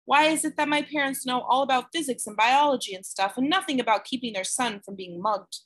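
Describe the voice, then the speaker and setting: A woman's voice: high-pitched, brisk, pitched above the performer's own voice. A woman voicing a teenage girl who is anxious and protective of her little brother, speaking tensely and earnestly.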